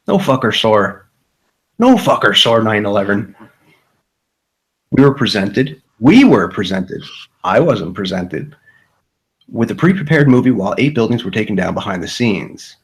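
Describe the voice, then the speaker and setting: Slow-talking man with a lowish voice. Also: slightly rough, low-quality recording. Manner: rambling, profane, repeats himself. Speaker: livestream host. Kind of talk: casual livestream chat.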